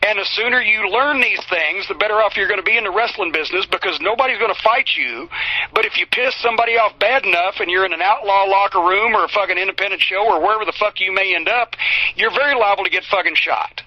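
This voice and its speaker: Man, heated, swearing, high voice, dry close recording. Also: fast talker, no room sound. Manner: heated, profane, emphatic. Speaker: interview guest. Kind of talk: profane storytelling interview. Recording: slightly dull, dry recording.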